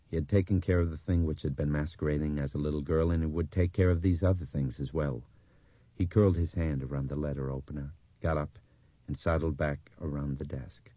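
A very deep, dark male voice with a husky grain, reading an audiobook in a measured, even way. The recording is dry and slightly dull, with no room around it. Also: no room sound. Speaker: audiobook narrator. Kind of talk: audiobook narration.

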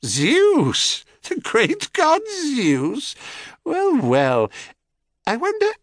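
Brief: cracked, cackling old hag voice, high and slow, wheedling and prying, dry close sound. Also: male voice, wildly swooping pitch, no room sound, full character voice. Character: scheming goddess disguised as cackling old crone.

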